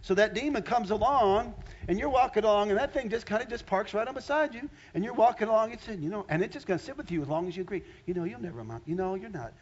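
A man preaching a sermon as a pastor, animated, swinging between loud exclamations and hushed asides. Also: high-pitched, fast talker, dull audio, a little hiss or hum.

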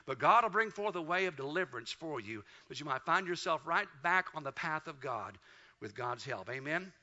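A man preaching a sermon with emphatic swings, rising to loud peaks and dropping low. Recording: dull lo-fi recording.

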